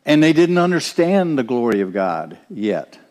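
A man preaches a sermon in an earnest, direct way, often turning to put questions to the congregation. His medium-pitched voice is very animated and darkish, at a moderate pace, with a long reverb tail.

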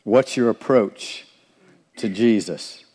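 A man with a lowish, slightly rough, a little mellow voice preaches slowly in a big-room space. His sermon is earnest and direct, and he often turns to ask the congregation questions.

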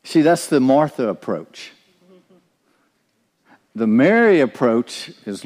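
A man's voice: medium pitch, big pitch swings, slow pace, a little mellow, long reverb tail. A man preaching a sermon, earnest and direct, often turning to ask the listeners questions. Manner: earnest, asks the congregation questions.

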